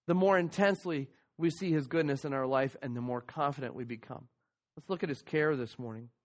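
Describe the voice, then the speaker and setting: A man preaching a sermon, teaching earnestly and reading scripture aloud. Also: fairly high pitch. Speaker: pastor.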